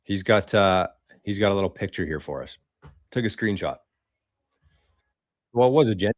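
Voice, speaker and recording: A man hosting a casual livestream, reading viewer comments aloud in a loose, swearing, chatty way with quick laughs. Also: fairly low pitch, lively intonation, no room sound, clean studio sound. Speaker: livestream host.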